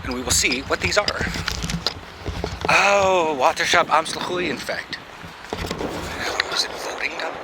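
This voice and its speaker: Here a man with a big, booming voice chats and jokes his way through a city and park, talking to his handheld camera and swearing often. He takes his time, pausing frequently. Passing cars, trams and general street noise fill the background.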